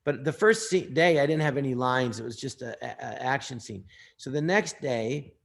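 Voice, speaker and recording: A man's voice: medium pitch, normal speed, gravelly. An older man from Los Angeles, a guest telling long stories in an interview, rambling on tangents. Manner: rambling, puts on voices while retelling stories. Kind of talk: storytelling interview.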